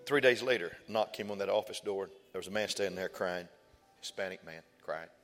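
Speaking fairly quickly in a low, slightly bright voice, a man gives a sermon testimony about his own life, repeating himself in a folksy, emphatic way. He's a pastor in a church sanctuary, recorded with hall reverb and faint music in the background.

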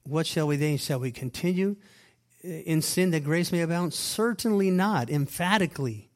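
At a normal speed, a slightly high-voiced male pastor reads scripture aloud during his sermon. He explains the text through emphatic repetition, with loud stresses and softer asides.

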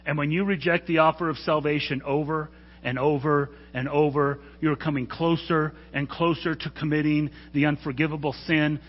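Earnest preacher in an echoing hall. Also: male voice, a little high, flat delivery, normal speed. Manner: earnest, urging, stumbles and corrects himself. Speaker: pastor. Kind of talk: sermon. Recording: dull sound with long hall reverb.

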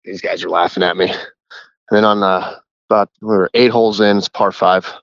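A man's voice: low voice, fairly even intonation, fairly quick, fairly bright tone, no echo, lo-fi sound. A man who works as a caddie, telling a rambling story in a casual voicemail. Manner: chatty, rambling.

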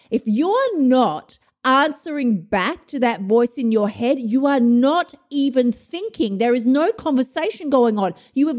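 Aussie woman coach doing a podcast rant, kinda high voice, blunt and sweary tough love. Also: a little mellow. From Australia. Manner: blunt, profane, fired-up tough-love pep talk. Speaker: podcast host, emotional eating coach. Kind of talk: motivational podcast monologue.

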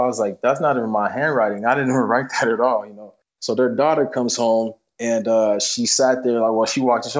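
A man's voice: mid-range voice, darkish tone. A young man telling stories as an interview guest in a loose, casual way, full of fillers. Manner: fast, loose, many fillers like "you know what I'm saying". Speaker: football player guest. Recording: dull lo-fi podcast audio.

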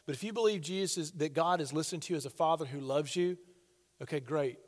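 A man's voice: fairly high pitch, fast, big-room sound. A man preaching a sermon as pastor, earnest and conversational, often asking his listeners questions.

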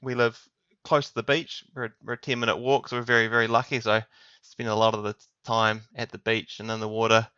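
Male guest, 30s, New Zealand accent, bright edgy tone, little pitch movement, dry muffled audio. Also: little pitch movement, fairly quick, clean tone, dry recording. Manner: friendly, laughs easily. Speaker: podcast guest. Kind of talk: casual interview chat. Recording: dull, dry lo-fi sound.

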